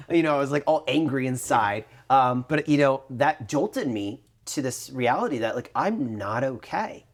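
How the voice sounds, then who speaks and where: A man in his thirties co-hosting a faith podcast, telling a personal story in a lively way and acting out what others said. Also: mid-range voice, moderate pace, few pauses. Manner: animated storytelling, acting out quoted voices. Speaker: podcast co-host. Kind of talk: conversational testimony.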